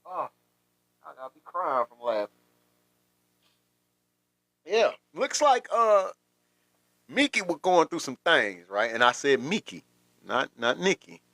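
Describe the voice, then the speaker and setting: A man's voice: a little high, very animated, takes it slowly, long pauses, fairly bright tone, dry recording. A man hosting a casual livestream, rambling through commentary with repeated words and frequent laughter. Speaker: livestream host.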